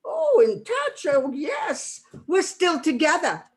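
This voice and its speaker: A woman acting out a salty, bragging old actress, high voice, swoops up and down wildly, drawls along slowly, stage play. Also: sing-song, full character voice. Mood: fond. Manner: brash, boastful, salty-tongued. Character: feisty elderly woman, a former actress.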